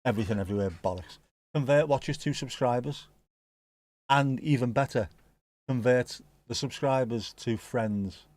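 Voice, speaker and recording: Man, rambling jokey match chat, mid-pitched, dry close sound, swears a lot. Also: normal speed, darkish tone, no room sound. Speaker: watch-along streamer. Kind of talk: casual live match commentary chat.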